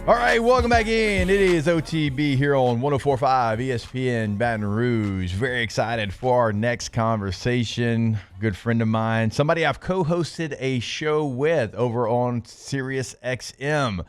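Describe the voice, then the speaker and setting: A man hosting a sports talk radio show in the studio, upbeat and quick, with lots of "like" and "you know". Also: medium pitch, clear, resonant tone. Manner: upbeat, quick, filler-heavy. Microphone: studio microphone.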